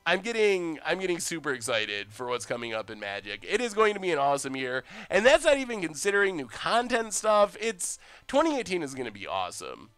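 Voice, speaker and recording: A young man casually commenting on his card game stream, chatty and excitable, reading out chat messages. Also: on the high side, fairly quick, few pauses, clean tone, no echo, faint music behind.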